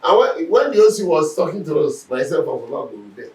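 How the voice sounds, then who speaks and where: Telling Bible stories with animation and acting out what characters said, a male teacher speaks on the high side at a fairly quick pace. The recording comes from a distance in an echoey room.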